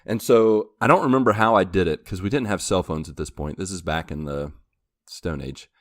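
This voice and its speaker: This podcast host is a young man with a low voice who tells a long, rambling story at a moderate pace, laughing as he goes and performing the quoted lines. There's no room sound in the recording.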